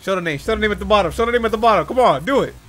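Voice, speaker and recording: Racing and expressive, an excited man narrates his gameplay for a gaming channel with slang-filled banter, his pitch leaping around with each reaction. His loud bursts ring out over clear game music in the background.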